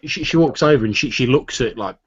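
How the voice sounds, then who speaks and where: A man's voice: mid-range voice, expressive, brisk, breathy edge, dry recording. A man narrating as game master, rambling with many fillers. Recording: dull lo-fi recording.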